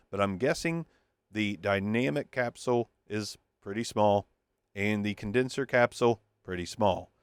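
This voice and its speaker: A man's voice: lowish voice, clean tone, no room sound. A man giving a casual, joking microphone review from his home studio, thinking aloud as he tests the gear. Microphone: testing a handheld wireless mic.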